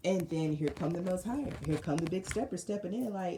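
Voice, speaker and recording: A woman giving a casual spiritual tarot reading, telling it as an animated, slangy story with lots of repeated phrases. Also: lowish voice, brisk, echoey room, background noise. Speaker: tarot reader.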